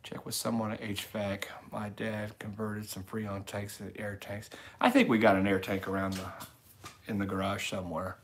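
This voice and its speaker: A middle-aged man with a fairly low voice talks loosely to his livestream viewers. He rambles in an easygoing way and reads their chat messages aloud as they come in. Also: fairly even intonation, normal speed, a little hiss or hum. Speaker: livestream host. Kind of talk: casual live-stream chat reading comments.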